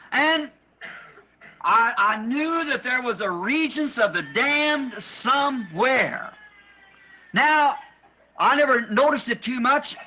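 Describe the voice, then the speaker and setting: A man's voice: sits high, sharp tone. A man preaching a sermon, telling a vision in an earnest, repetitive way, on a dull lo-fi archival recording. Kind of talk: sermon testimony.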